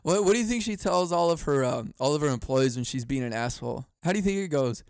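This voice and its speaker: A man's voice: fairly high pitch, fast, vocal fry, smooth, no echo, clean studio sound. Profane, sarcastic comedy podcast guy. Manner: profane, sarcastic, animated, laughs at own jokes. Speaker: podcast host. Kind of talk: comedic rant.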